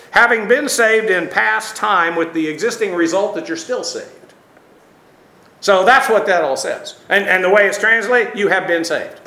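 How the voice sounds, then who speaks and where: High bright preacher guy, teachy and emphatic, lots of uhs, roomy echo. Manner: teacherly, emphatic, frequent "uh" fillers. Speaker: pastor. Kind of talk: expository sermon.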